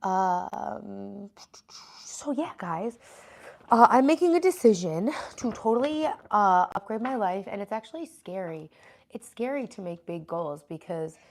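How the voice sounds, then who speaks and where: Woman, livestream host, casual chat, answers viewer comments, mid pitch. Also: very animated, measured pace, vocal fry.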